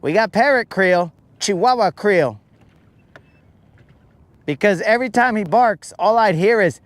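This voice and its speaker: A man's voice: sits high, lively intonation, normal speed, pauses often, no room sound. A man hosting a fishing show, joking around casually on a boat and calling people bro and dog. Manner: slangy, joking, keeps saying bro and dog.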